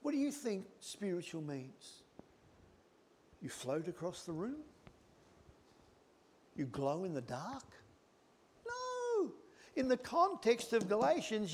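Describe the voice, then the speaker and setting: A middle-aged male preacher giving a sermon, swinging from loud emphatic lines to hushed whispered words. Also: sits high, huge pitch swings, takes it slowly, pauses often, slight background noise.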